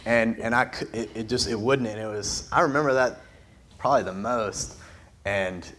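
A man recounting a shared experience beside a preacher, talking in soft, halting interjections. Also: fairly low pitch, slight background noise.

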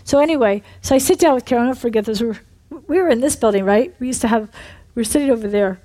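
A woman minister telling a story in a sermon, animated, breaking into shouted re-enactments. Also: a little high, racing. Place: church building.

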